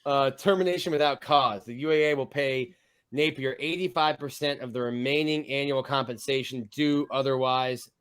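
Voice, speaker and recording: A man's voice: mid-range voice, steady tone, normal speed, clean tone. A man co-hosting a sports podcast in casual, joking chat, often slipping into mock voices. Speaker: podcast co-host.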